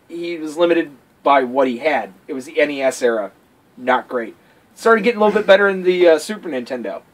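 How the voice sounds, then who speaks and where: A young man co-hosting a casual game chat, excitable and profane, acting out scenes in mock voices. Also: a little high, low-quality recording. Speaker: podcast co-host.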